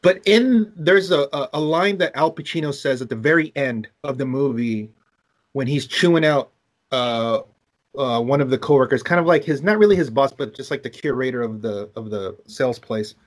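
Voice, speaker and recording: A man's voice: medium pitch, normal speed. A man co-hosting a casual podcast, talking animatedly, swearing and telling long stories. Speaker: podcast co-host. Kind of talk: casual chat.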